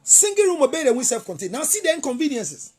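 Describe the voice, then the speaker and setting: Ghanaian male counselor host, husky and insistent, repeats his points and pleads with listeners. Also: extremely high pitch, very animated, quick pace, darkish tone, faint music behind. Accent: Ghanaian English. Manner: emphatic and repetitive, lecturing. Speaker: relationship counselor hosting a show. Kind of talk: advice talk show.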